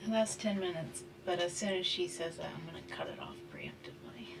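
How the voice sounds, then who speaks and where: Lively-voiced woman player. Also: sits low, a little fast, loud music behind the voice. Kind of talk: tabletop game play.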